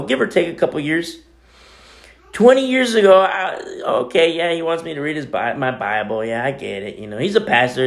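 A middle-aged pastor preaches conversationally in a medium-pitched, creaky voice. He swings between loud emphasis and near-quiet asides.

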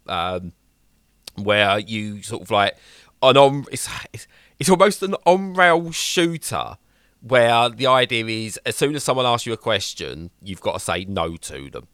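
A young man co-hosting a casual chat, rambling and animated as he acts out little voices. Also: on the low side, clean tone, dry recording, clean studio sound. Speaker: podcast co-host reviewing games.

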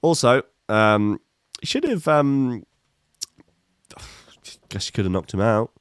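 A man's voice: medium pitch, very animated, takes it slowly, smooth, dry recording, clean studio sound. A man in his fifties reading odd news stories and adding wry, rambling comic asides, with many fillers. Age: 50s. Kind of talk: casual comic news commentary.

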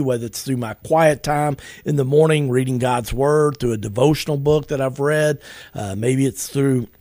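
A middle-aged man, a pastor hosting a devotional podcast, talks in an earnest, conversational way and slows down to recite scripture. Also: mid-range voice, dry recording.

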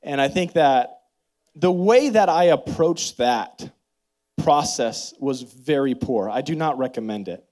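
A man in his thirties preaching a sermon as pastor, leading prayer and telling stories in an animated, expressive way. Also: measured pace. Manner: animated storytelling with big pitch swings and laughter; leads congregation in prayer and call-and-response.

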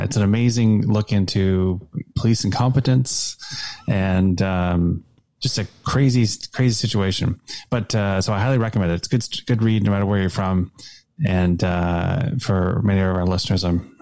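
Gravelly man with lots of ums. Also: low-pitched, steady tone, normal speed, dark tone, no echo. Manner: rambling with many fillers. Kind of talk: casual podcast chat.

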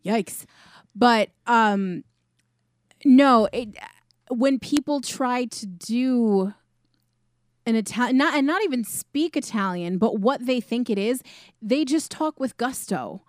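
A woman co-hosting a podcast, chatting casually about a film with quick, wry, questioning remarks. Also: on the high side, lively intonation, dry recording, clean studio sound. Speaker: podcast co-host. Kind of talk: casual film-review chat.

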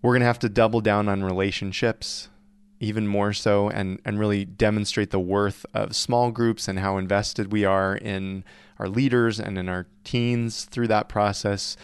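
A man co-hosting a podcast on youth ministry, talking through his points in an earnest, measured way. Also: on the low side, steady tone, clean tone, no room sound. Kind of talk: casual podcast discussion.

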